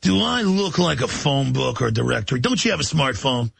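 A man's voice: mid-range voice, big pitch swings, brisk, vocal fry, fairly bright tone, breathy edge, no room sound, exaggerated voice. A man putting on a sneering, swaggering city cop. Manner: sneering, barking, mocking. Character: arrogant swaggering male big-city cop.

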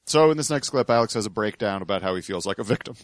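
A man's voice: fairly low pitch, expressive, fast talker, no room sound. A man co-hosting a podcast, giving sardonic, dismissive commentary on clips. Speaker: podcast co-host.

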